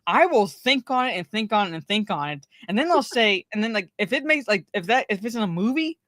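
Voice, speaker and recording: A woman's voice: medium pitch, very animated, brisk, a bit bright, no room sound. A woman co-hosting a casual pop culture podcast, rambling, swearing and repeating herself as she talks. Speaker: podcast co-host.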